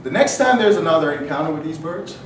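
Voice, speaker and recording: A man's voice: a little high, lively intonation, fast, slight background noise. A man telling a comic story to an audience in a mock-outraged, earnest manner. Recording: roomy, distant mic, faint ambience.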